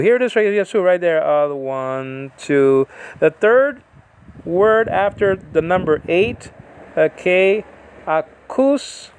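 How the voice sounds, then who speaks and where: A man teaching a Bible lesson in a halting, informal way, with many fillers as he sounds out Hebrew and Greek words. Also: on the high side, clear, resonant tone. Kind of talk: informal scripture study.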